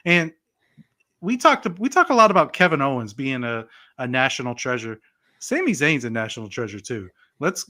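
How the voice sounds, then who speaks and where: A man co-hosting a casual podcast, talking in an animated way with lots of "like" and "you know". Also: mid-range voice. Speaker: podcast co-host. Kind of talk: casual wrestling podcast chat.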